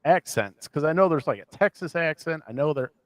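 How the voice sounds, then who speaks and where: A man's voice: a little high, brisk, no room sound. A man from the American Midwest co-hosting a podcast, rambling casually and poking fun at himself. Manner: rambling, self-deprecating, animated. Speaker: podcast co-host. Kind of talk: casual chat.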